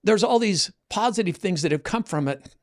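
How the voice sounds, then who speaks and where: A man's voice: high-pitched, animated, normal speed. Earnest older man telling stories. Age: 60s. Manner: storytelling, earnest, with many restarts. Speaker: host, coach. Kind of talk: casual chat.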